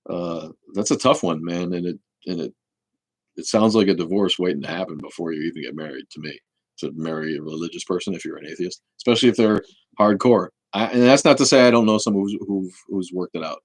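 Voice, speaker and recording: Deep gravelly man, rambling. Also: fast talker, no room sound, rough recording. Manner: rambling, with restarts and casual swearing. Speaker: host. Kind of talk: casual livestream Q&A.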